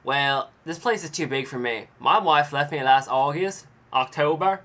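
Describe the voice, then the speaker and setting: A man voicing a lonely older man who speaks slowly and tersely, in a storytelling vlog. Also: fairly high pitch, fairly bright tone, close to an everyday voice. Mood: flat, terse.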